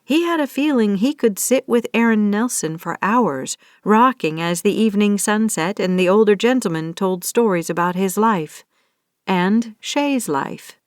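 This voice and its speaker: A woman narrating a romance audiobook in a steady, scripted reading. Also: mid-range voice, measured pace, dry recording, clean studio sound.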